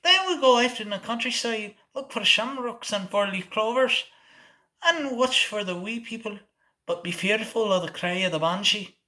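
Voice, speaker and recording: A man's voice: high voice, normal speed, bright, forceful tone. A man from Oklahoma with a Southern US accent, hosting a comedic monologue and slipping into put-on accents. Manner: switches between put-on accents, playful. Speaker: host.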